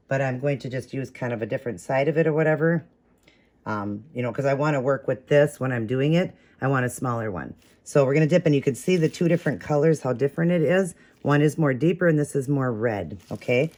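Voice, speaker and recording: A man's voice: mid-range voice, a little mellow. Chatty man walking through a craft. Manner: chatty, talks while working, corrects own slips. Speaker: craft tutorial host. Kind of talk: casual step-by-step tutorial.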